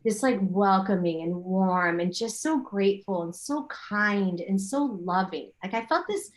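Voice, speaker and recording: A middle-aged woman, a yoga teacher, chatting as an interview guest and telling animated stories full of her own remembered thoughts. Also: medium pitch, measured pace. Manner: animated storytelling with quoted inner thoughts. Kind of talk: casual interview chat.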